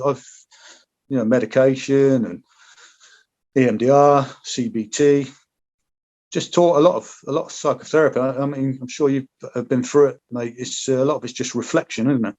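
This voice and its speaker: A man's voice: mid-range voice, a little fast, darkish tone, dull audio. A man, a former paratrooper, chatting frankly as a podcast guest, rambling and swearing freely. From Britain. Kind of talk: casual interview chat.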